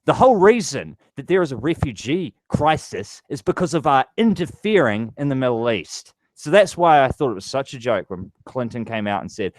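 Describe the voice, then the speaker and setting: A man delivers a furious, foul-mouthed political rant to his camera. His pitch leaps and drops as he works himself up. The sound is dry, with no room echo. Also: very animated, normal speed, hardly any pauses. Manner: angry, profane ranting. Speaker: vlogger.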